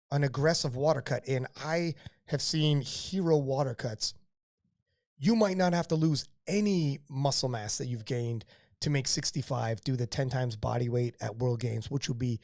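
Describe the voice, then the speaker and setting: A man hosting a live podcast interview, talking in excited, rambling bursts of hype and repeating words as he builds up his point. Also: mid-range voice, no echo, clean studio sound. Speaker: podcast host.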